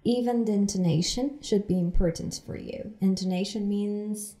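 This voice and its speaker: Slow, mellow-voiced woman teaching English. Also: mid-range voice. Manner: slow, repeats phrases for learners. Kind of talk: explaining language lesson.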